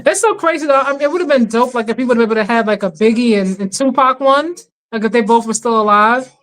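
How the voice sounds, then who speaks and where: A woman co-hosting a livestream, chatting fast in slang with frequent laughs. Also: a little high, a bit bright, rough recording. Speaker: co-host of a livestream watch-along. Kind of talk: casual chat reacting to a livestream.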